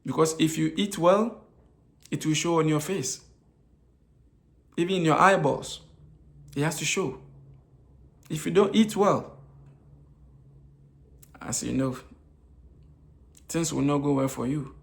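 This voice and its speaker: A man's voice: fairly high pitch, slow, vocal fry, pauses often. A man giving an informal talk on nutrition. He keeps asking rhetorical questions and answering them himself, and he repeats his key points. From Africa. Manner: repeats key phrases, many hesitation fillers. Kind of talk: informal health lecture.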